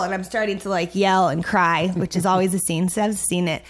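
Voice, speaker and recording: Her voice on the low side and her pace a little fast, the young adult woman co-hosting a podcast narrates a casual story. She animatedly acts out how each person in it sounded.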